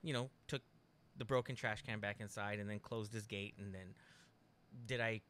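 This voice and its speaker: A man co-hosting a podcast, telling a story in casual chat, animated and laughing often with rambling restarts. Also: fairly low pitch, moderate pace. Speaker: podcast co-host.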